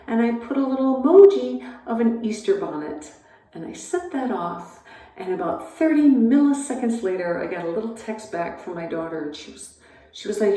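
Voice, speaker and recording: A woman's voice: brisk, dark tone. Rambling middle-aged woman, echoey and distant. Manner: chatty, rambling, acts out texts in a higher voice. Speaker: stand-up comedian. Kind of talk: stand-up comedy set. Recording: echoey room away from the mic.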